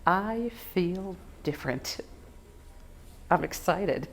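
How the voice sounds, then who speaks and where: A woman performing a self-mocking comedic stage monologue with an animated delivery. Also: lowish voice, takes it slowly, gravelly, slight background noise.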